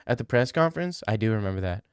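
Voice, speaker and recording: A man's voice: fairly low pitch, animated, quick pace, clean tone, no echo, clean studio sound. A young man livestreaming, answering chat in casual, crude, teasing banter. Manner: joking, teasing, profane.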